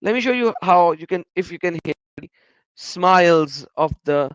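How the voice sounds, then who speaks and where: A man's voice: high voice, lively intonation, moderate pace, clean tone, no echo, dull audio. A man giving reaction commentary on video clips, emphatic and repeating words for stress.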